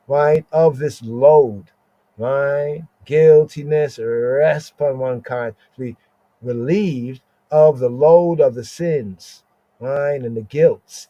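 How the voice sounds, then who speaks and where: A man hosting a live Bible study, slowly explaining Hebrew words, repeating them and often asking "right?". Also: mid-range voice, mellow, dry recording, lo-fi sound. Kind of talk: live scripture teaching.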